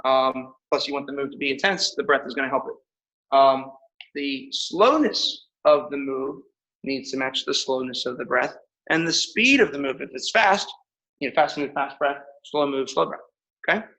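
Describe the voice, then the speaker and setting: A man teaching a martial arts class, calling out commands with energetic shouts and laughter. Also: mid-range voice, normal speed. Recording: echoey room, mic far off.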